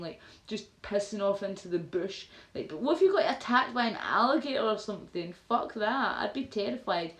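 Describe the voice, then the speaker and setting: A Scottish woman holds a casual livestream, chatting and reading out viewer comments in a loose, rambling way. She swears freely, and her voice sits in the middle of a woman's range. The sound is roomy, with a clear echo around her. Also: mid-range voice. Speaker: livestream host.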